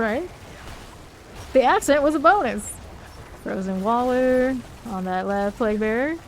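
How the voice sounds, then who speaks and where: A woman whose voice sits high streams a video game, chatting with viewers, voicing their messages aloud, and laughing often, with slight background noise behind her.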